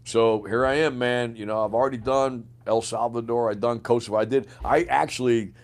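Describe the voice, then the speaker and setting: An older man tells war stories in a loose, casual interview voice. He acts out every line of dialogue and swears freely, and his speaking pitch sits right in the middle for a man. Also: fairly even intonation, fairly quick. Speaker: guest, retired Green Beret sergeant major.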